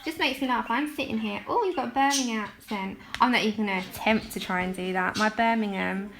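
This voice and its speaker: Chatty London woman, slightly high. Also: a little fast, a bit bright, slight background noise. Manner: chatty, giggly, rambling. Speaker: live stream host. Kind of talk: casual chat while colouring.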